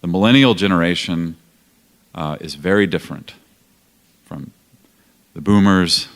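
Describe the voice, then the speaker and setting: A man's voice: low-pitched, measured pace. A man in his forties speaking on a panel in an earnest, reflective way. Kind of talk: panel talk. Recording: long hall reverb.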